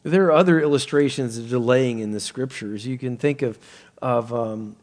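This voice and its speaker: A middle-aged man preaching a sermon, animated and rising to near-shouts when he quotes people. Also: mid-range voice, normal speed.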